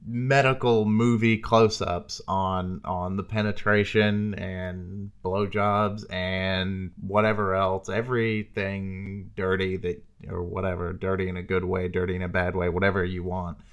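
Guy with a lowish voice, podcast co-host, just talking frank and loose. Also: little pitch movement, measured pace, hardly any pauses, clean tone. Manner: frank, candid and talkative. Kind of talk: casual chat.

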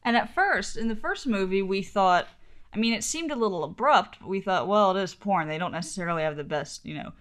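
A woman co-hosting a podcast, chatting in an amused, animated way. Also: medium pitch, a little fast, clear, resonant tone. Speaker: podcast co-host. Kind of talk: casual chat.

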